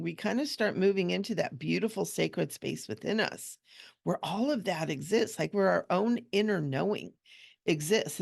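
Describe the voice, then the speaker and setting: A woman with a deep, very gravelly voice talks her way through a coloring session. Her manner is gentle and chatty, and she coos softly over the little details of the picture. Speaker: coloring channel host and hypnotherapist. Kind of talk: relaxed chatty coloring tutorial.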